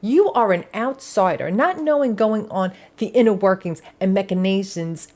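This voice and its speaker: A woman's voice: mid-range voice, animated, normal speed, darkish tone. Sassy woman hosting a gaming news show. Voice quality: sassy, dramatic, swears freely. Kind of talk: casual commentary.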